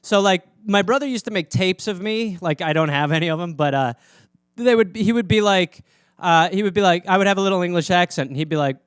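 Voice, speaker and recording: A man's voice: high-pitched, fairly quick, clean tone, dry recording, studio quality. Rambling, profane American man. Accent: American Midwestern. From Wisconsin, USA. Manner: rambling, profane, self-mocking. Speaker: comedian host answering fan questions. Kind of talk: casual solo chat.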